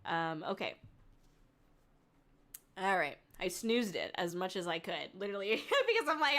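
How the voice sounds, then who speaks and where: A woman's voice: medium pitch, big pitch swings, a little slow, long pauses, fairly bright tone. A young woman streamer chatting casually with her viewers, laughing often and swearing now and then.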